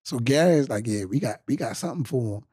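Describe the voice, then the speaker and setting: A man co-hosting a podcast, relaxed, adding side comments with a few hesitant restarts. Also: mid-range voice, fast talker, slightly rough, no echo, studio quality. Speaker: podcast co-host. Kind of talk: casual chat.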